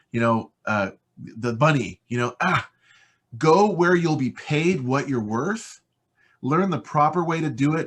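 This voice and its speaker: Husky, enthusiastic American man. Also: medium pitch, a bit bright. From United States. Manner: enthusiastic, rambling with fillers. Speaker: voice-over artist guest. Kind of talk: casual interview chat.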